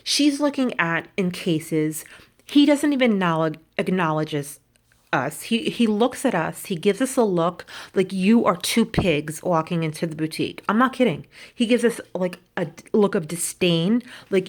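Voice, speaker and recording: Indignant, animated woman vlogger. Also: fairly low pitch, moderate pace. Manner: animated, indignant, quotes people in put-on voices. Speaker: luxury fashion vlogger. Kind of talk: casual storytelling rant.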